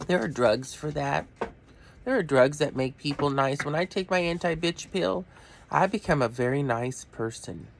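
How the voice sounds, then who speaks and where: A man's voice: fairly high pitch, creaky, slight background noise. A middle-aged man ranting to camera in a blunt, profane way that keeps drifting off topic. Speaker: vlogger. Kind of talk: rambling rant to camera.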